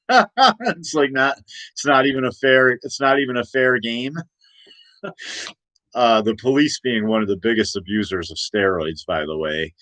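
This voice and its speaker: A man's voice: mid-range voice, expressive, a little slow, long pauses, pushed and bright, no room sound. A man hosting a casual political rant in a rambling way, with many restarts and laughs at his own points. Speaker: host.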